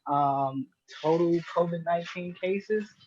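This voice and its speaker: A man with a slightly high voice reels off figures in halting stops and restarts. His audio comes through dull and lo-fi, like a remote call. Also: darkish tone, a little hiss or hum. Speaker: panelist. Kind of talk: casual group chat.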